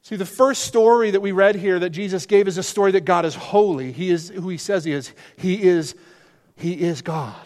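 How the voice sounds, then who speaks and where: Brief: male pastor mid-sermon, high-pitched, insistent repetition, long hall reverb. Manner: emphatic, repeats phrases, rhetorical questions.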